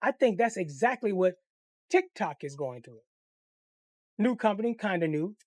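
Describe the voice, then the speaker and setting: A man's voice: high-pitched, normal speed, no room sound, studio quality. A man telling a personal story in a casual storytime monologue, swearing freely and acting out the voices of the people in it. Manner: profane, animated, acts out the voices in the story. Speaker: storyteller, channel host.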